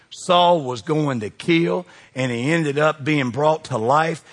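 A man preaching a sermon, folksy and emphatic, dropping low and rising to shouts. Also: a little slow, hardly any pauses. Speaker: pastor.

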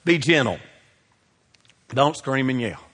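A middle-aged man, preaching a sermon that swings between loud exhortation and hushed asides. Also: mid-range voice, lively intonation, slow pace, in a large hall. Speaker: pastor.

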